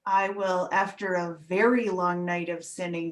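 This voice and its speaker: Female stand-up, slow and deliberate, wry self-mocking bits, video-call sound. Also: fairly low pitch, fairly even intonation. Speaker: stand-up comedian.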